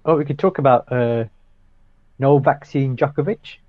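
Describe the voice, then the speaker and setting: A man's voice: medium pitch, a little slow, no echo. A man chatting casually as co-host, trading dry joking asides. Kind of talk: casual chat. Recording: dull dry sound.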